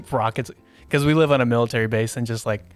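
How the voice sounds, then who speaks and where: A man's voice: mid-range voice, a little fast, soft background music. A man co-hosting a podcast, chatting casually about a movie, laughing often and rambling through fillers. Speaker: podcast co-host. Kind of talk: casual movie review chat.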